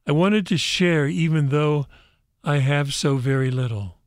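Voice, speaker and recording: A man's voice: a little high, a little slow, dry recording, clean studio sound, lightly acted. A man voicing a humble, generous young shepherd who speaks earnestly.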